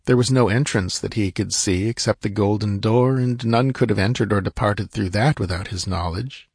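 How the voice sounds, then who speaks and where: A man reading an adventure story aloud in steady scripted narration, lifting his voice for shouted lines. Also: slightly rough, no room sound, clean studio sound. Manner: steady storytelling, raising pitch and volume for shouted dialogue. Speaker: audiobook narrator.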